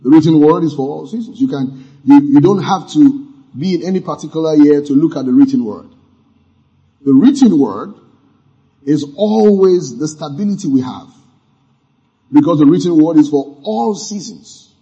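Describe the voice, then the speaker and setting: A man's voice: on the high side, animated, normal speed, dark tone. A man preaching a sermon as pastor, emphatic, with asides and acted-out sound effects. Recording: muffled lo-fi sermon audio.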